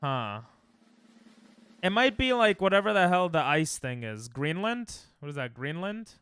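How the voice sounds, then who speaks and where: A young US streamer with a slightly high, sing-song voice and fairly bright, clean tone talks a little slowly. He plays a geography guessing game, musing aloud and trash-talking his chat casually, with no echo on the audio.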